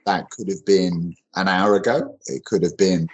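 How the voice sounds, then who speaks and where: A man's voice: sits low, normal speed, a little mellow, lo-fi sound. A man teaching English grammar in an online lesson, explaining in a loose conversational way with many fillers and restarts.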